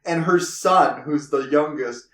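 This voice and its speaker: A man's voice: on the high side, slow, fairly bright tone. A man co-hosting a casual movie review podcast, rambling with lots of fillers as he retells scenes. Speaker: podcast co-host. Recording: echoey room.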